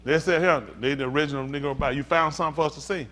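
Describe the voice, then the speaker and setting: A man preaching a sermon as pastor, swinging from hushed talk to shouting. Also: a little high, steady tone, very fast, slight background noise.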